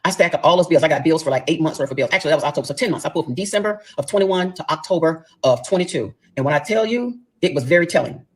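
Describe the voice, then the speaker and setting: A middle-aged woman tells a personal story to her listeners. She talks fast and with emphasis, and her voice has a husky edge. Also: sits low, lively intonation. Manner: emphatic, addresses listeners as y'all.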